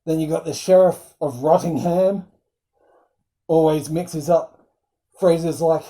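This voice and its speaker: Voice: mid-range voice, takes it slowly, warm tone, poor audio. A film reviewer recapping scenes in casual chat, rambling with frequent ums and acting out quoted lines in bursts.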